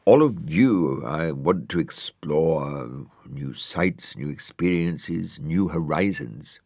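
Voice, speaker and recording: Man voicing a vain male dog, low voice, huffy, plummy, dry sound, storybook. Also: lively intonation, slow, darkish tone, dry recording, heavily acted. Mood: indignant. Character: vain, fussy, self-pitying male dog.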